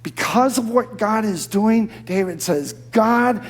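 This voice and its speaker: Impassioned male preacher, hushed to shouting. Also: sits high, animated, a little slow. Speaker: pastor. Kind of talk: sermon. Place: church.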